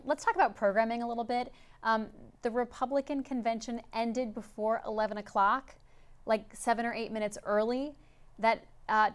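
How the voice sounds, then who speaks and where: A young woman hosts a live political news panel, tossing conversational questions to her guests. Her voice is smooth and clear, with a medium pitch. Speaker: news anchor.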